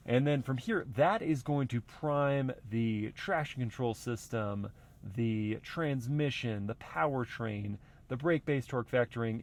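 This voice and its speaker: A car reviewer with a mid-range voice drives a pickup truck slowly along an off-road trail, casually explaining what he's doing. He's relaxed and thinks aloud, and engine and trail noise are clearly heard throughout.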